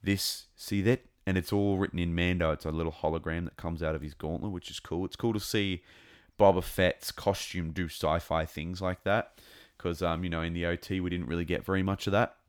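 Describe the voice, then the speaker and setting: Man, deep low voice, casual show review, rambling, excitable. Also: fairly quick, hardly any pauses, smooth.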